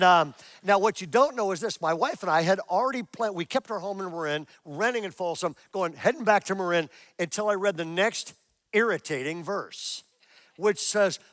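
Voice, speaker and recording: High-voiced older man preaching. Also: no echo, clean studio sound. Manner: animated storytelling, acting out his own prayers; asks the congregation questions. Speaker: pastor. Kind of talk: sermon. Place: church auditorium with a congregation.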